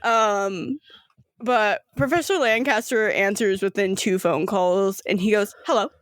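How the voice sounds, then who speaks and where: A woman narrating as game master of a tabletop game, giggly and animated. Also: medium pitch, measured pace, no echo, clean studio sound.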